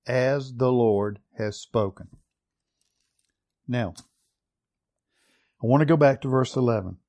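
Male preacher with a mellow voice. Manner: asks the congregation questions and reads scripture aloud; drops low and slow for emphasis, then speeds up. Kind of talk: sermon.

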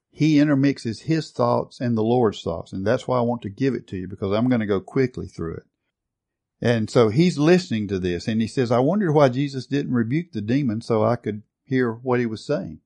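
A man's voice: medium pitch, mellow. A man preaching a sermon, earnestly reading and retelling a testimony with rising emphasis.

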